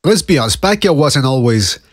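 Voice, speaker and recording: A man talks in a casual podcast chat with a husky, slightly breathy voice. He is blunt, profane and quick to joke, and the sound is dry and close. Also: mid-range voice, very animated, no echo. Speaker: podcast host.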